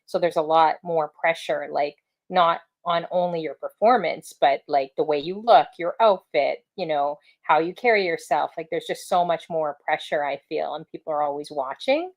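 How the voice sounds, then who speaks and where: A woman's voice: deep voice, normal speed, few pauses. A woman hosting a casual interview, chatty and rambling, with frequent fillers and restarts. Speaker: interviewer and show host.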